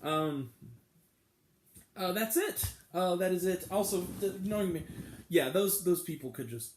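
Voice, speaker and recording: Chatty, animated male movie reviewer. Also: high-pitched, a little slow, echoey room, a little hiss or hum. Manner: chatty and enthusiastic, with bursts of swearing. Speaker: movie review channel host. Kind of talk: casual talk-to-camera review vlog.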